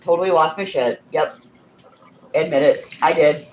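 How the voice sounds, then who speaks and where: Woman, very low voice, livestream host, casual chat, storytelling, frequent swearing. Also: moderate pace, slight background noise. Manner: chatty storytelling, swears freely; coos softly over a child's craft.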